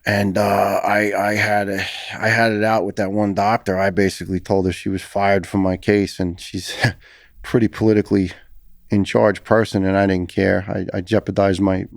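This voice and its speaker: A middle-aged former firefighter with a New York accent tells his story as a podcast guest, speaking intensely and earnestly with frequent restarts. His voice is lowish, creaky, and flat at a moderate pace, captured in a dry, clean studio recording.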